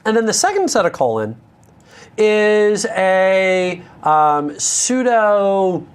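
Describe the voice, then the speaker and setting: A man's voice: high voice, big pitch swings, slow pace, clear, resonant tone. An American man teaching a live coding lesson, candid and self-deprecating, with joking asides. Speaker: instructor.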